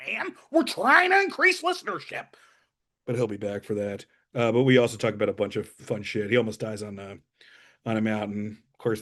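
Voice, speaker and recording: A man hosting a podcast, rambling through show plugs in a self-deprecating way with halting fillers. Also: medium pitch. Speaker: podcast host.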